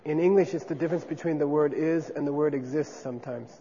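A teacher delivers a classroom lecture on Buddhist philosophy, talking fast in a relaxed, conversational style and frequently asking "okay?" to check on his listeners. His voice is fairly high for a man. The audio is dull and lo-fi, with a long hall reverb and faint background noise.

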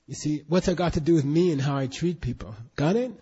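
A man's voice: fairly high pitch, fairly quick, warm tone, husky. A man teaching a Buddhist class in an emphatic, questioning way, drilling students in recitation, on a dull lo-fi recording.

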